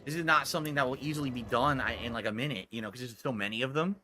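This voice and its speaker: A man's voice: mid-range voice, very fast, bright, forceful tone, faint music behind. A man livestreaming from his room at home, chatting casually with his viewers and thinking aloud as he works on a task with his hands. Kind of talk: casual live-stream chat. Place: home room with foam soundproofing on the wall.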